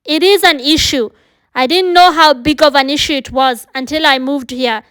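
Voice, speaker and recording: A woman's voice: high voice, normal speed, a bit bright, poor audio. A woman from Kenya, giving earnest, direct advice to her viewers in a casual vlog. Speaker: vlogger.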